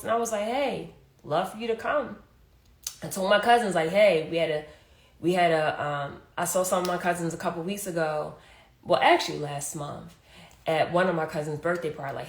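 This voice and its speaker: Casual woman host in a roomy space. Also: lowish voice. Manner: conversational, repeats "hey" and "like", emphatic. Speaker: podcast host. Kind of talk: casual motivational talk. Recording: roomy echo.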